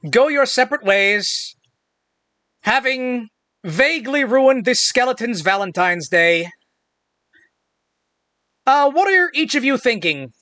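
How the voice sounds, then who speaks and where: A man's voice: sits high, sharp tone, no echo. A man narrating a tabletop game as game master in a loose, casual way.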